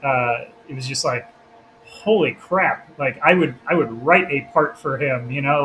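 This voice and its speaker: A man's voice: mid-range voice, moderate pace, a bit bright, slight background noise, rough recording. A man hosting a podcast, a filmmaker chatting casually who acts out quotes and laughs often.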